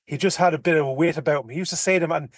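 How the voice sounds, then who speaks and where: A man's voice: a little high, very fast, no room sound, clean studio sound. An Irish man on a podcast, telling rambling, profane anecdotes full of restarts in casual chat. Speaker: podcast co-host.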